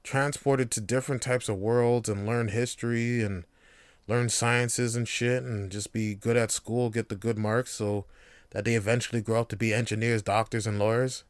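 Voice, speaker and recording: A man's voice: mid-range voice, fairly even intonation, moderate pace, clean tone, dry recording. A young man hosting a casual solo podcast, loose and rambling, swearing freely. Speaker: podcast host.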